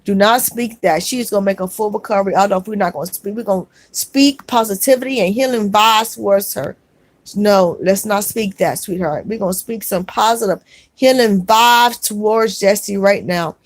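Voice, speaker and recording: Speaking at a medium pitch, a woman running a relaxed livestream reads comments aloud and answers kindly, addressing viewers as sweetheart. She pauses, uses fillers and restarts herself now and then, recorded close up and dry with no echo.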